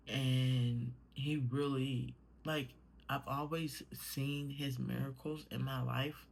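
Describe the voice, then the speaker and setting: A woman's voice: extremely low pitch, steady tone, takes it slowly, gravelly, a little hiss or hum. A young adult woman talking casually in a personal vlog, meandering with many fillers and swearing when worked up. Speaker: vlogger.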